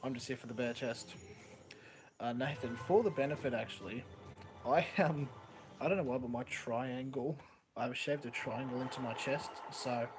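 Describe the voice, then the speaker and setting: A man's voice: medium pitch, normal speed, over music, low-quality recording. An Australian man chatting casually on a live stream, rambling and joking and laughing often, talking into a headset microphone.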